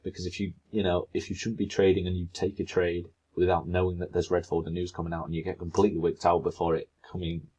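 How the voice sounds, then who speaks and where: A man's voice: deep voice, monotone, quick pace, hardly any pauses, warm tone, husky. A man giving casual, chatty commentary as a trading educator, rambling and talking to himself in asides. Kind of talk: casual screen-share commentary.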